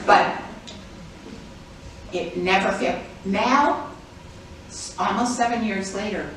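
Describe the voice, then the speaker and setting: Older woman author, slow and animated, laughing through her talk; very echoey room, mic far off. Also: medium pitch. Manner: lively and chatty, laughing often. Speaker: author giving a performance talk. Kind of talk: informal performance talk. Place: public library event room. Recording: very echoey room, distant mic, faint noise.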